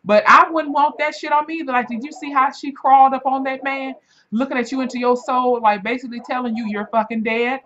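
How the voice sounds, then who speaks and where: A woman in her twenties hosting a reaction video, telling stories in a casual, animated and profane way. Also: a little fast, muffled recording, slight background noise. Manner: animated, profane storytelling with big pitch swings.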